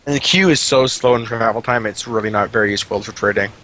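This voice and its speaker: A man co-hosting casual game commentary, giving quick, opinionated takes. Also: on the low side, pushed and bright, poor audio. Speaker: co-caster.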